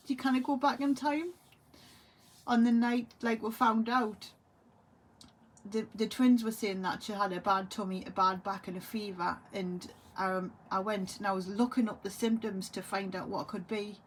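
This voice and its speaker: A grieving, tearful woman talks to camera in a halting way, often trailing off and repeating herself. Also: mid-range voice, fairly even intonation. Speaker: vlogger. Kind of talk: emotional monologue to camera.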